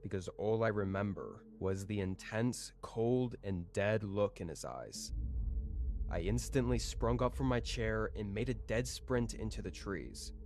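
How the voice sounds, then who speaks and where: A man calmly reading out a scripted first-person horror story. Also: lowish voice, a little slow, a little hiss or hum.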